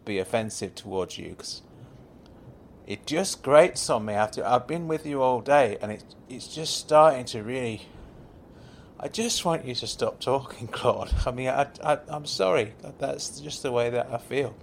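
A man's voice: medium pitch, normal speed, gravelly, slight background noise. A man in an audio sitcom, talking in a rambling, apologetic, stammering way. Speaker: comic performer.

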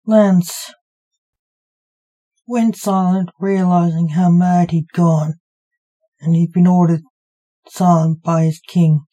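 A woman narrates a short fantasy story in a measured, even way. Her voice is low-pitched and mellow. She reads slowly. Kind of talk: scripted narration.

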